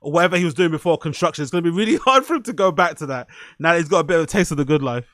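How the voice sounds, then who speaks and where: A podcast host with a fairly high, fairly bright voice talks very fast and animatedly. His casual commentary is loose, profane and rambling, often punctuated by "you know what I mean." There's no echo.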